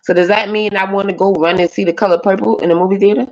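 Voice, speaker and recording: A woman's voice: medium pitch, steady tone, fast talker, darkish tone. A woman, ranting bluntly and profanely as a panelist on a live stream. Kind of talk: casual rant on a live panel. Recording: dull lo-fi stream audio.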